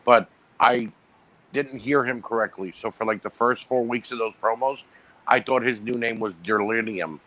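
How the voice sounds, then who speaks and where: Male podcast co-host, lively storyteller, conversational. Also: medium pitch, moderate pace, rough recording. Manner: animated storyteller, acts out quotes. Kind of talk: casual chat recapping wrestling.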